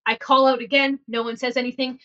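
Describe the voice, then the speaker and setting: A woman hosting a podcast about real estate, telling stories in an animated, laughing, repetitive way. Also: sits high, fairly quick, muffled recording. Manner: animated, laughing, repeats phrases for emphasis. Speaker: podcast host and realtor. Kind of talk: casual storytelling chat.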